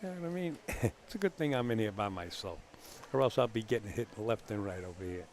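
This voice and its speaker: A man's voice: on the low side, brisk, a little hiss or hum. Joking Bronx-accented man calling pool. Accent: Bronx New York. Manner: joking, teasing banter between calls. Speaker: billiards commentator. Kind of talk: live play-by-play commentary. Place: alone in a small commentary room.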